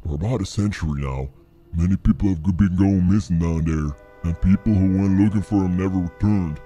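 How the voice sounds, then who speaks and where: A grim deep-voiced station attendant. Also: male voice, dark tone, dull audio. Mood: ominous. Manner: slow ominous warning drawl. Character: grim older male gas station attendant.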